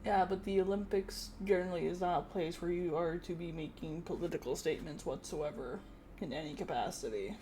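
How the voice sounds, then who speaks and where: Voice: medium pitch, a little fast, dark tone, slight background noise. A streamer reacting in casual chat, hesitant and offhand.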